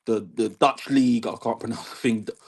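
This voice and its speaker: A man calling in to a fan show, talking football in a level-headed, measured way. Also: mid-range voice, fairly even intonation, a little mellow, a little hiss or hum. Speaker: caller. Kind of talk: casual football chat.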